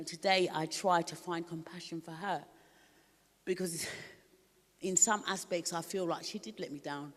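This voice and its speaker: A woman's voice: on the low side, long reverb tail. A middle-aged woman from Africa, giving a candid, emotional personal testimony at a recovery ministry, laughing often.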